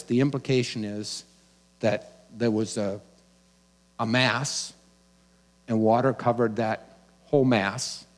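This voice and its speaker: A man pastor delivering a sermon in a conversational, teaching manner, with casual asides and restarts. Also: fairly low pitch.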